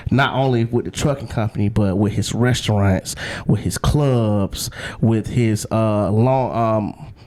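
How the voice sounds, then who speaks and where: A young man sits in as a guest and tells his story in loose, slang-heavy talk. He gets animated and acts out what other people said to him. His voice sits in an ordinary middle pitch. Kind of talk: casual storytelling interview.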